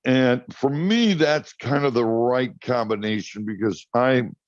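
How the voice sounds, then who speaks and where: A man talking casually on a talk show, spinning an animated story and stumbling over his first words. His voice sits at a middle pitch. The sound is dry and a little dull. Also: unhurried, dry recording. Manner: storytelling, animated, repeats words when starting. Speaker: guest, cannabis grower.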